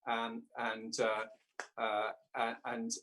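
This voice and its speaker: Completely flat in delivery, his medium-pitched voice has a sharp tone. He's an English voice actor being interviewed in a casual chat, speaking haltingly with lots of fillers and frequent restarts.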